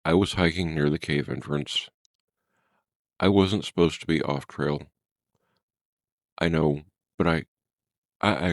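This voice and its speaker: Guy reading as a scared hurt woman in her 30s, stammering, low slow voice, dry sound. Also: no echo. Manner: trembling, halting, broken sentences. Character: frightened injured woman in her thirties trapped in a cave. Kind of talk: horror story narration.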